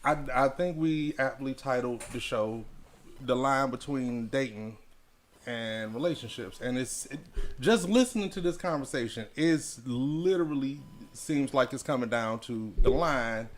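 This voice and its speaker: A man hosting a radio talk show, chatting casually and explaining his points in a measured way, restarting phrases as he goes. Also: mid-range voice. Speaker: show host.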